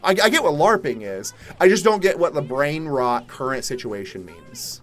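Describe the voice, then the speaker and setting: A young man from Atlanta, Georgia, chatting casually on a live stream, reading viewer questions and answering in a laid-back way, with the odd swear word and loud exasperated outbursts. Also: on the high side, sing-song, normal speed. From Atlanta, Georgia, USA. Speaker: livestream host. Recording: faint music behind.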